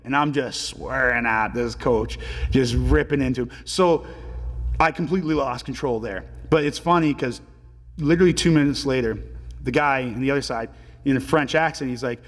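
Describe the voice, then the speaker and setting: A man in his twenties, a pro hockey player telling stories as a podcast guest in a relaxed, filler-heavy way and swearing casually. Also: mid-range voice, normal speed, long reverb tail. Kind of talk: casual storytelling interview.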